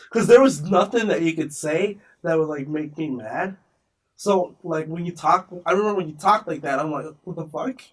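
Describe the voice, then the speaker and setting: A man's voice: on the high side, moderate pace, fairly bright tone, recorded from a distance. A young man in casual podcast chat, joking, swearing and laughing easily. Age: young adult. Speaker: podcast co-host.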